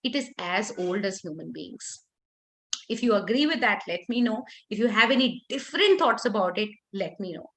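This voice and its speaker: A woman leading a workshop for teachers, talking expressively with lively intonation and frequent restarts. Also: mid-range voice, moderate pace. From India.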